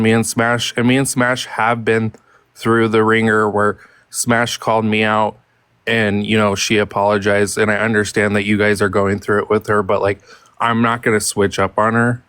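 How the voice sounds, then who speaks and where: A man with a lowish voice speaks in a casual group chat, hesitating and restarting as he explains himself. The sound is dry and close, with no room around it. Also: fairly bright tone, smooth, no echo. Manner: hesitant, many fillers and restarts. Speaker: participant in a group live audio chat.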